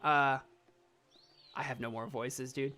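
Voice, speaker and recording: A woman's voice: a bass voice, fairly even intonation, slow, pushed and bright, soft background music. A woman streamer giving casual, self-deprecating let's-play commentary, thinking aloud as she reads.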